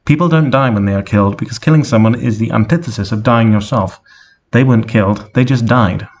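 A man's voice: lowish voice, brisk. A man voicing a female magical pony heroine, sure of herself and matter-of-fact, in a read-aloud fan story.

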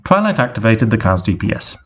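Deadpan story narrator, man, lowish voice. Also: fairly quick, slight background noise. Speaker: story reader. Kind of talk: reading an absurd fan story aloud.

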